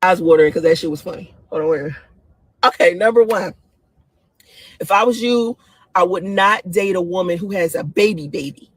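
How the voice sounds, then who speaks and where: Excitable, laughing woman streamer, husky. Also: a little fast, dry recording. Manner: excitable, laughs often, swoops into high squeals. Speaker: live-stream host giving dating opinions. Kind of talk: casual live-stream talk.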